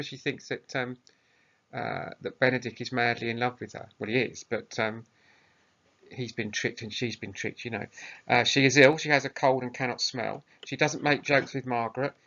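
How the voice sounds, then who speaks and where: A male teacher talks through a recorded lesson, setting tasks in a plain, sometimes hesitant way. His voice is bright and forward. The sound is muffled and lo-fi. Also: medium pitch.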